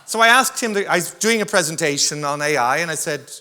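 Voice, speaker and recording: A man's voice: a little high, expressive, fast talker, bright, forceful tone. A man moderating a conference panel, telling a humorous anecdote to the audience. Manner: joking, anecdotal. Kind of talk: conference storytelling. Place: conference hall stage.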